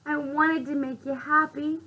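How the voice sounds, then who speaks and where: A woman's voice: sits high, flat delivery, a little slow, background noise, voice pushed up. Piggy, a woman doing an eager little girl pig. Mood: pleading.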